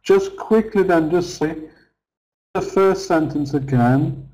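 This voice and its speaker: A man teaching an online lesson, slow and patient, repeating key phrases for his students. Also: on the high side, darkish tone, low-quality recording. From England. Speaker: English teacher.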